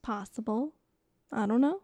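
Animated woman recapping a movie. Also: on the high side, measured pace, no echo. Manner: animated, acts out characters' lines, laughs often. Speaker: podcast co-host. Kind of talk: casual movie recap chat.

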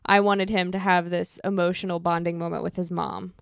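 A woman co-hosting a podcast, giving opinionated views in a casual movie review chat with quick wry remarks. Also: fairly low pitch, flat delivery, vocal fry, clear, resonant tone, no room sound, clean studio sound. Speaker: podcast co-host.

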